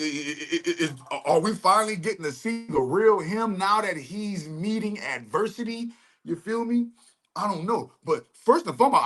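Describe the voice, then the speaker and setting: A man's voice: fairly high pitch, a bit bright. A young adult man giving heated, rambling commentary full of profane street slang. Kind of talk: ranting commentary.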